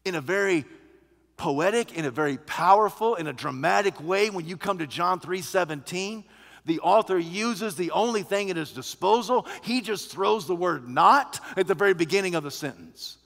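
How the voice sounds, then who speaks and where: A man preaching a sermon as pastor, shifting from quiet teaching to loud, emphatic proclamation. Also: high-pitched, normal speed, vocal fry, big-room sound.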